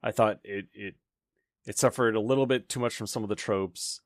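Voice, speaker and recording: A man co-hosting a podcast, giving measured, wry takes on movies in casual chat. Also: lowish voice, steady tone, dry recording, clean studio sound. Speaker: podcast co-host.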